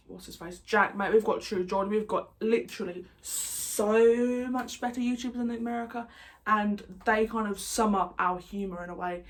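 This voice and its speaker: A young woman with an English accent chatting casually to camera in a vlog. She rambles and keeps going off on tangents. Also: mid-range voice. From England. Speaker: YouTuber.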